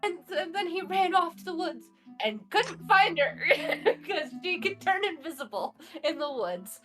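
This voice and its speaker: A woman's voice: extremely high pitch, lively intonation, measured pace, a bit bright, soft background music. A woman recapping a tabletop game session in a casual, giggly way, laughing often and swearing freely. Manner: giggly, breathless storytelling, frequent swearing.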